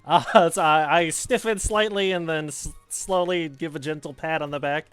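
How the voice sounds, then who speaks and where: A man's voice: on the high side, fairly even intonation, normal speed, fairly bright tone, clear, resonant tone, no room sound, faint music behind. Hesitant male tabletop player. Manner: hesitant, many fillers.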